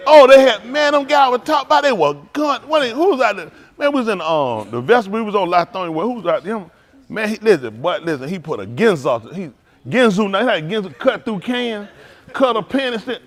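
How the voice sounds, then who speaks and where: Male pastor, joking sermon style, laughs a lot, slightly higher voice. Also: animated, a little fast. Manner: loud, laughing, playful banter with the congregation; drops to a low, quiet earnest tone for counsel. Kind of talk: joking sermon talk to a congregation.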